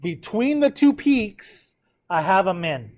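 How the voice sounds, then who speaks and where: A man with a somewhat high voice for a man walks his students through a graph in a math lesson, counting aloud and frequently making sure they keep up. He speaks slowly in a sing-song way with a darkish tone.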